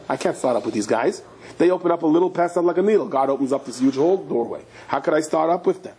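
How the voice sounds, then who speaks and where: A man's voice: on the high side, fairly quick, warm tone, husky, poor audio. A man giving a Torah class as a rabbi, telling stories animatedly and acting out the people in them, with frequent restarts.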